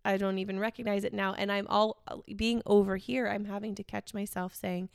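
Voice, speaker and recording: Chatty woman with a smooth voice. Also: medium pitch, level tone, a little fast, no room sound, clean studio sound. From United States. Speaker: guest. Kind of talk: casual chat.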